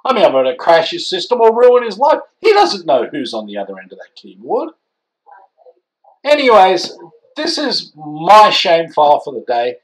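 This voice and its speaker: A man's voice: high voice, huge pitch swings, normal speed, low-quality recording. A man ranting indignantly in an opinion vlog, exasperated and scolding. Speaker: vlogger.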